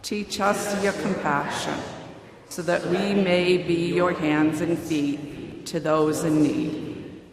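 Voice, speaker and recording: Slow-praying man in an echoey church. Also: on the high side, steady tone. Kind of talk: leading prayer in a church service. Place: church sanctuary. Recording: echoey church hall with crowd noise.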